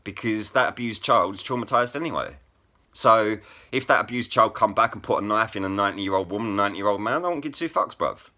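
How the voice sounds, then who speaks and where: Forceful, sharp-voiced man ranting. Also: lowish voice, brisk. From England. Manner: blunt, heavily profane, repeats "bruv" and "innit". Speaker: vlogger and rap poet. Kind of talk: angry to-camera rant.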